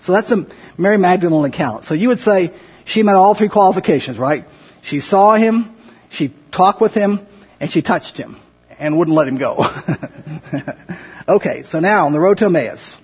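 A man's voice: high voice, animated, normal speed, pauses often, slightly rough, lo-fi sound. A man leading an informal Bible class, talking conversationally, asking the group questions and acting out scripture quotes in his own words. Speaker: Bible study teacher. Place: classroom or church room with a group.

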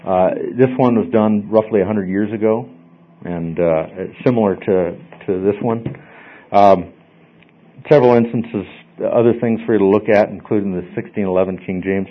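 In a small classroom with the group seated in a circle, a man teaches a Bible study casually and ramblingly, often repeating and restarting words. His voice is fairly low at a moderate pace, captured in a dull, lo-fi classroom recording.

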